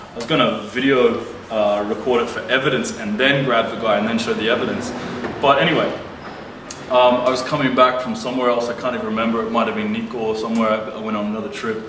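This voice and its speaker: A man's voice: medium pitch, fairly even intonation, fast. Profane man telling a heated story. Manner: blunt, profane, heated retelling. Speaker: vlogger. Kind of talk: casual storytelling to camera. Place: lives abroad. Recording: roomy, distant mic with faint noise.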